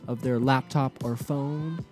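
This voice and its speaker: A man's voice: mid-range voice, fairly even intonation, slow pace, a little mellow, faint music behind. A man co-hosting a casual sports podcast, joking and bantering playfully. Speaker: podcast co-host.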